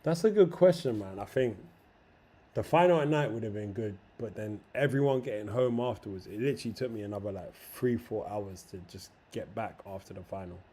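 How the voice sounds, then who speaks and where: A man's voice: on the low side, brisk, warm tone, slightly rough. A young man chatting casually on a livestream, slangy, swearing freely and emotional. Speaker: streamer.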